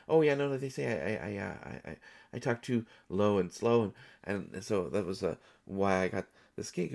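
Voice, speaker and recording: A man's voice: lowish voice, creaky, a little mellow. A man voicing a jittery, over-caffeinated male voice actor who stammers and repeats words nervously in an audio role-play.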